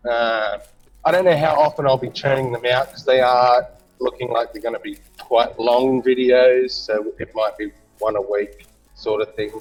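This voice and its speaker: A man's voice: medium pitch, fairly even intonation, normal speed, soft background music, poor audio. A man talking casually on an online call, hesitant and full of fillers. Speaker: guest. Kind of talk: casual chat.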